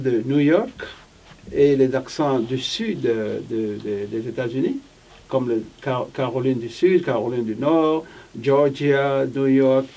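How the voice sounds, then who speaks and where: A man's voice: mid-range voice, warm tone. A man interpreting in an interview, relaying questions between the others with hesitant fillers and repeated words. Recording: voice picked up from a distance.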